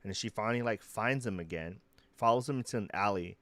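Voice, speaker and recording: A young man, co-hosting a casual podcast chat and rambling through animated retellings. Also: on the low side, quick pace, no room sound. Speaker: podcast co-host.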